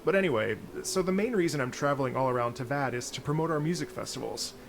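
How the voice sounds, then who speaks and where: A gravelly-voiced courteous musician. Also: male voice, medium pitch, animated, fast, noisy background. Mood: storytelling. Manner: soft-spoken, storytelling. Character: gentle, courteous traveling male musician.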